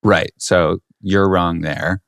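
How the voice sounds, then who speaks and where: A man with a lowish voice giving blunt opinions and telling anecdotes on a podcast. His voice is dry and close on a studio mic. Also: steady tone, takes it slowly, gravelly, a bit bright, clear, resonant tone, dry recording. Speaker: podcast co-host. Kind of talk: casual chat.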